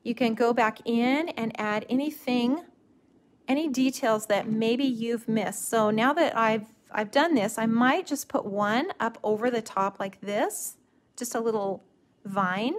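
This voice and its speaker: Speaking slowly in a fairly high voice, a middle-aged woman teaches watercolor stamping during a live craft demo. Her manner is easygoing and gently instructive, with frequent sentence restarts.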